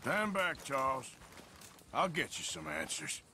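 Game lead: a gruff outlaw, lively delivery, heavy background noise. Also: male voice, medium pitch, a little slow. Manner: gruff, blunt. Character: rugged, blunt male outlaw. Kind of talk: video game voice acting.

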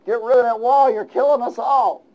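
A man's voice: very high voice, steady tone, brisk, darkish tone, highs cut off, pitched above the performer's own voice. A man voicing panicked sailors who plead urgently during a storm.

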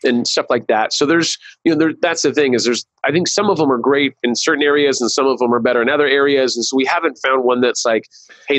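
A man's voice: mid-range voice, a bit bright, dry recording, poor audio. A man speaking as a guest on a marketing webcast, rambling, with many restarts and fillers. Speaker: guest, digital marketing consultant. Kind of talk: casual webcast interview.

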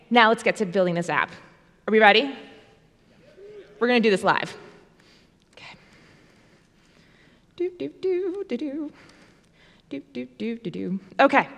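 A woman giving a playful, fast-paced live-coding talk at a conference, speaking into a stage microphone. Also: on the high side, fairly bright tone. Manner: fast, playful, self-deprecating. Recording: long reverb of a large hall.

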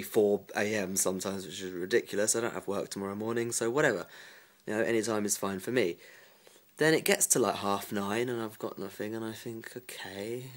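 A man vlogging at home into a phone camera, telling a rambling story casually, laughing and mimicking the people in it. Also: on the low side. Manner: chatty, rambling, mimics other people's voices, laughs often.

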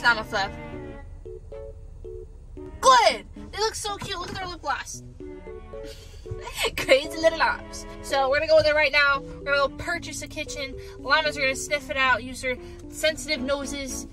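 A woman's voice: high voice, normal speed, over music. A woman vlogging playfully with her toy llamas, talking to them in a bubbly, sing-song way. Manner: bubbly, sing-song, talks to toys in baby talk. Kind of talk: playful kids' toy vlog narration.

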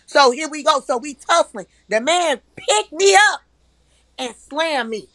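A woman's voice: sits high, lively intonation, unhurried, fairly bright tone, dry recording, low-quality recording. A woman telling a heated personal story, emphatic and profane, acting out the arguments she quotes. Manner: profane, repetitive. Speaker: live-stream guest.

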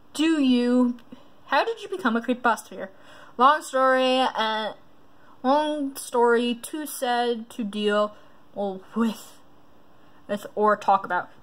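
A woman's voice: on the high side, a bit bright. A woman vlogger in casual commentary, reading quiz questions aloud and rambling through her reactions.

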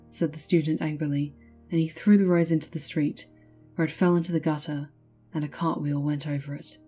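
A woman narrating a fairy tale in a measured storytelling way. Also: deep voice, level tone, dark tone, husky, soft background music.

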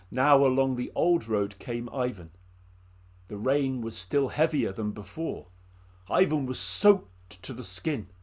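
A man from England telling a folk tale to an audience, expressive and addressing listeners by name. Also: mid-range voice, slightly rough. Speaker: storyteller. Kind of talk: oral storytelling performance.

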